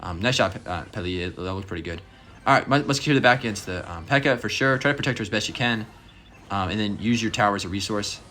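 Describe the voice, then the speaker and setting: A man's voice: fairly low pitch, fast talker, bright, forceful tone. A man giving casual live commentary and coaching on a game, encouraging and full of ums and restarts. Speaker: gameplay coach.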